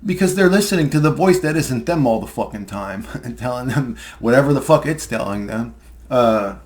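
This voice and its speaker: A man's voice: mid-range voice, animated, normal speed. A young man delivering a heated, profane rant with sarcastic asides and bursts of laughter. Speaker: conspiracy video ranter. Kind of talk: profane ranting monologue.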